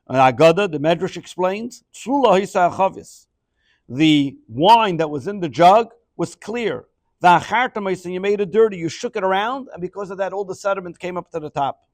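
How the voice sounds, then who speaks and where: A man leads a Torah lesson. He reads each phrase and translates it as he goes, in a slightly higher voice. The sound is dry and close, with no room around it. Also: expressive, moderate pace, no echo. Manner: reads Hebrew phrases then translates, explains with Rashi. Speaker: Torah teacher. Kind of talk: verse-by-verse Torah class.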